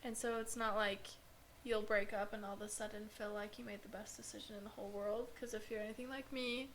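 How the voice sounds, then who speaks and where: A woman's voice: mid-range voice, level tone, fairly quick, fairly bright tone, slight background noise. A woman guest on a podcast, telling her story in a casual, earnest way with lots of "like". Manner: earnest, filler-heavy storytelling with frequent "like".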